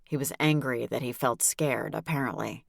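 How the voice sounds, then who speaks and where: A woman narrating a novel in the first person, with a wry, brisk delivery. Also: rumbling low, vocal fry, dry recording, clean studio sound. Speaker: audiobook narrator.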